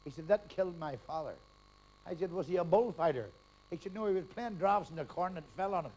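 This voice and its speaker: An older man telling stand-up jokes on stage, firing punchlines fast and dropping quietly into the characters' lines. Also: high voice. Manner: rapid punchline delivery, drops to quiet asides for quotes. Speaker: stand-up comedian. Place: live stage before a laughing audience. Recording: live crowd, faint hiss.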